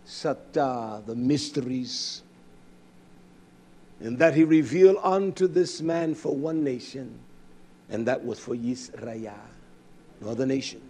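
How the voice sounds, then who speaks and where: High, husky, fiery male preacher. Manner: impassioned, swings from shouting to hushed. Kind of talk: fiery sermon.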